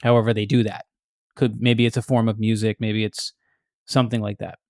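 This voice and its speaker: A man's voice: lowish voice, little pitch movement, a little fast, darkish tone, no room sound, studio quality. A man hosting a podcast, explaining ideas in a thoughtful, step-by-step way with casual restarts. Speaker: podcast host.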